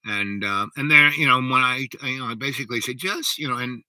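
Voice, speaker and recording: A man's voice: medium pitch, fast talker, pushed and bright, dry recording, poor audio. An older man hosting a live show, chatting in a rambling, digressive way and reading viewer comments. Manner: rambling and digressive, with lots of fillers and "right?". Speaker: host of a livestream show.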